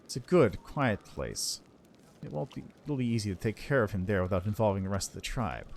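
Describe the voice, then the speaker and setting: A man's voice: on the low side, lively intonation, brisk, gravelly, a little mellow, a little hiss or hum, pitched below the performer's own voice. A man voicing a cruel, scheming tribal huntress who taunts in a sing-song, menacing way.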